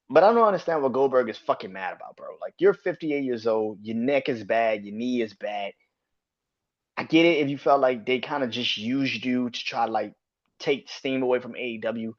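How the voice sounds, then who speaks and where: Solo podcast host, male, mid-pitched voice, profane heated rant, slightly muffled home recording. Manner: profane, heated, swings from low mutters to sharp outbursts.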